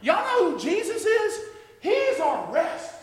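Man, preacher, very high voice, fervent sermon, echoey church hall, long reverb. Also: big pitch swings, takes it slowly. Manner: impassioned, building to shouted exclamations. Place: church sanctuary with a congregation.

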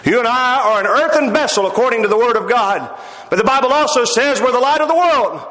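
A man's voice: very high-pitched, lively intonation, a little fast, fairly bright tone. A man preaching a sermon in a folksy, storytelling way, with hesitant fillers and wry humor, recorded in a church sanctuary. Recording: echoey hall with long reverb.

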